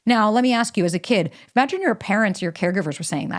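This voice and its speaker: Animated woman podcast host, emphatic. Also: mid-range voice, fast. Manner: emphatic, animated, casual swearing. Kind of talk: solo podcast monologue with ad read.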